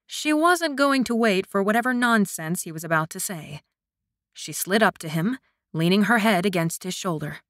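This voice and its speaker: Soft-spoken woman narrating a romance. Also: medium pitch, expressive, moderate pace, dry recording, studio quality. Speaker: audiobook narrator. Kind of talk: scripted narration.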